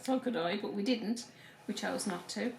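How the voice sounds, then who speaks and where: A middle-aged woman with a gravelly, creaky voice talks plainly and reassuringly. She is recorded in an echoey room with faint noise in the background. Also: mid-range voice, normal speed, darkish tone. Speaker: vlogger's mother. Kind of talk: casual chat.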